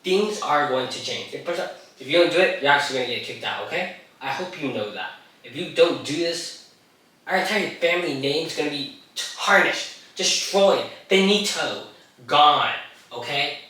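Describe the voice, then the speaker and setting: A man's voice: on the high side, lively intonation, normal speed, bright, forceful tone. A teen boy playing a furious ranting noble father. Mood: angry ranting. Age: teenager. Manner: ranting, stammering, exasperated. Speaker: student. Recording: echoey room, distant mic.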